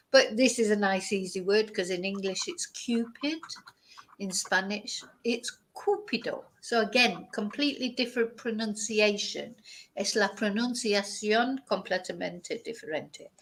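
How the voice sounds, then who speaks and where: A woman teaching vocabulary in a bilingual lesson, slowly repeating words to drill their pronunciation. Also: mid-range voice, creaky, a bit bright, low-quality recording. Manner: slow, careful pronunciation drills. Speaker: language teacher.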